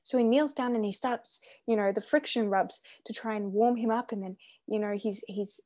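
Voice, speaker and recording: A woman's voice: medium pitch, moderate pace, mellow. A woman in casual conversation on faith, eager and repeating herself as she shares a quote and a story. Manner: enthusiastic, repeats words, reads a quote aloud. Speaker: Christian ministry guest or host.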